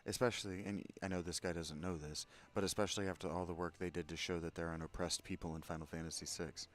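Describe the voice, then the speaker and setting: A man's voice: low voice, fairly even intonation, quick pace. A man playing through a video game, chatting and cracking crude, self-mocking jokes. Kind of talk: casual let's-play commentary.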